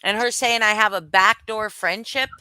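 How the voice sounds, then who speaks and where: Bright-voiced woman ranting on a livestream. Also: medium pitch, moderate pace, smooth, no echo. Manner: blunt, swearing, greeting chat viewers. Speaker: livestream host. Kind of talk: heated livestream commentary.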